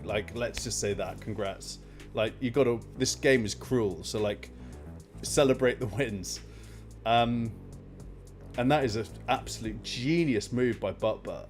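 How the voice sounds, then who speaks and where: A man hosting a casual live stream, telling an exasperated, animated story and rambling with many fillers. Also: mid-range voice.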